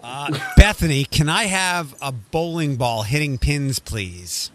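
A man hosting a radio show in the studio, running a silly game with playful teasing and quick restarts. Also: on the high side, lively intonation, fairly bright tone.

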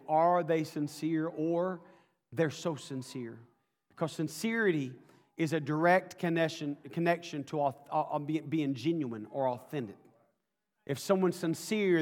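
High-voiced preacher in a reverberant church. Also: male voice, normal speed, a little mellow. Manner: folksy, builds to fervent preaching. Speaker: pastor. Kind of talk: sermon.

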